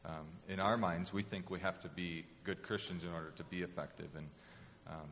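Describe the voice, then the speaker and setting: Very deep-voiced man in an echoing hall. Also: fairly even intonation, fairly quick, a bit bright. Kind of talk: casual testimony. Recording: long hall reverb, faint room noise.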